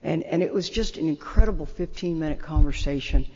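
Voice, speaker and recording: An older woman, an animated and self-deprecating storyteller, telling a long personal story as the opening speaker of a talk. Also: low voice, a little fast. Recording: muffled roomy hall.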